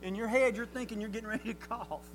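A man preaching a sermon, telling the story in a folksy, animated way that builds to near shouting. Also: high-pitched, fast talker, over music, low-quality recording.

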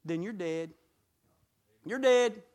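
High-voiced preacher man. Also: slow, clear, resonant tone. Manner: swings from shouting to low intimate talk; folksy, rhetorical questions. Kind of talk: sermon.

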